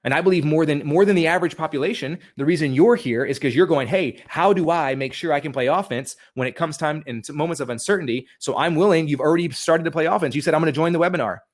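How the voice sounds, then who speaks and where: A man giving an energetic motivational webinar talk from home, repeating questions to coach his listeners. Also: on the high side, quick pace, few pauses. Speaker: webinar speaker. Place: home room with a dog.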